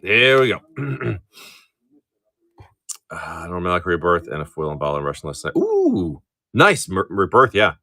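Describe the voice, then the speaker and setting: Lively, profane middle-aged man streaming. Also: deep voice, a little slow, vocal fry, long pauses. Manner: chatty, profane, laughs easily; rambling with frequent restarts. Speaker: live-stream card breaker. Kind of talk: casual live-stream chat.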